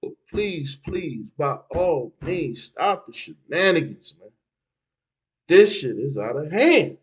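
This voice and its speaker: Man, high voice, streetwise, preachy monologue, casual slang. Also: very animated, takes it slowly, poor audio. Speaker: vlogger giving street advice.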